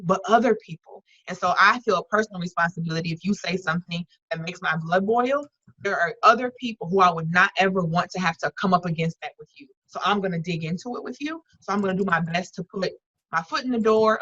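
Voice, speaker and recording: A woman's voice: on the low side, pushed and bright, no room sound, muffled recording. A woman leading an online workshop, talking earnestly and conversationally with frequent restarts and fillers over a video call. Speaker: workshop facilitator.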